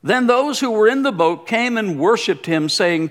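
A man, a former pastor, giving a sermon with animated delivery and repeated phrases. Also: a little high, normal speed, few pauses. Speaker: guest pastor, former pastor of the church.

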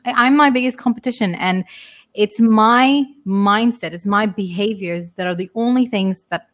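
Reflective woman guest, open and candid. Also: medium pitch. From United Kingdom. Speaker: podcast guest. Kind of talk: casual podcast chat.

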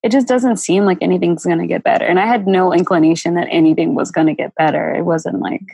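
A woman guest telling a painful personal story, halting and emotional, with many fillers and restarts. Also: fairly low pitch, steady tone, vocal fry, warm tone, breathy edge, no room sound, rough recording. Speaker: interview guest.

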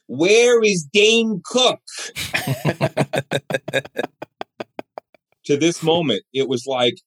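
This interview guest is a middle-aged man with a medium-pitched, somewhat breathy voice. An animated storyteller, he brings his anecdotes to life by imitating the other people involved.

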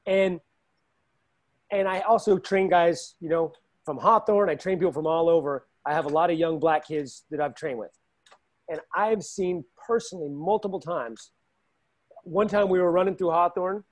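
High-voiced animated man telling stories. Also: moderate pace. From Los Angeles. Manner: animated, acts out quotes with raised pitch. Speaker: fight coach and show regular. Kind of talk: casual chat, storytelling.

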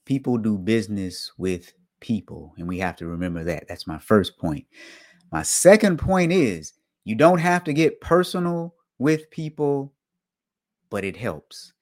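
A man talking casually to his online audience as host, with a dry sense of humor. He repeats his key points and keeps his voice lively, often leaping up in pitch and loudness to stress a word, then dropping back down. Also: unhurried. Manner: animated, jumps up in pitch and volume for emphasis. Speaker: host of an online show for auditors. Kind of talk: casual live-stream talk.

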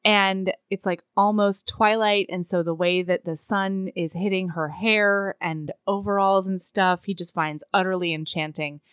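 A woman's voice: mid-range voice, a little slow, few pauses, clear, resonant tone, dry recording, studio quality. A woman co-hosting a casual chat, retelling a story and acting out the characters' lines. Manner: animated storyteller who acts out characters' lines. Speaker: podcast co-host recapping a romance novel. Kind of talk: casual chat, retelling scenes with quoted voices.

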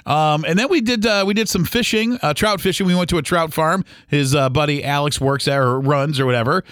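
A man hosting a podcast, telling a travel story in a casual, rambling way with lots of fillers and restarts, and getting animated when he quotes people. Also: on the high side, a little fast, smooth, no echo, studio quality. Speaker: podcast host.

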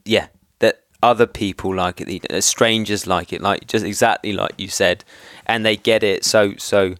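Low-voiced English man hosting a chat. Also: fairly even intonation, moderate pace, a bit bright, no room sound, clean studio sound. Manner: rambling, chummy, laughs often. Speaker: podcast host. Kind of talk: casual chat.

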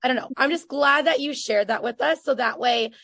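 A woman in her thirties hosting a casual podcast interview, chatty and effusive, with lots of fillers and quick bursts of speech. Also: high voice, gravelly, a bit bright, no echo. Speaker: podcast host and business coach.

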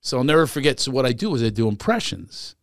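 Gravelly, chatty middle-aged male host. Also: mid-range voice, sing-song, dry recording, clean studio sound. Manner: joking, chatty, quick to laugh. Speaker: podcast host. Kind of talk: casual interview chat.

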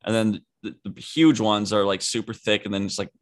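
A man's voice: fairly low pitch, steady tone, a little fast. A young man co-hosting a podcast, chatting casually and giving blunt, rambling opinions. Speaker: podcast co-host. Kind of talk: casual chat.

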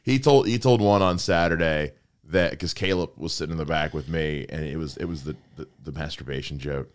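A man's voice: very deep voice, fairly quick, smooth. A man co-hosting a podcast, chatting casually with a lot of swearing and laughter, and reading an ad. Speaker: podcast co-host. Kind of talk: casual podcast chat and ad read.

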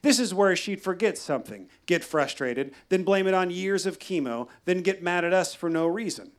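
A man telling a wry, deadpan personal story at a live storytelling show. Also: sits high, moderate pace. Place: live venue.

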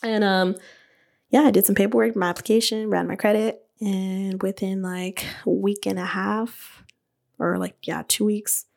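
A woman hosting a podcast, telling her own story in a casual, animated way. She fills her talk with "like", laughs often and swears freely. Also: mid-range voice, normal speed, vocal fry. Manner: chatty and animated, many "like" fillers, laughs. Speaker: podcast host and beauty business owner.

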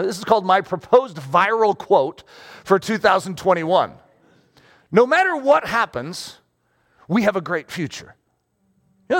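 High-pitched, lively male preacher. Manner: animated, conversational, checks in with "okay?". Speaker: pastor. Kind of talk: sermon.

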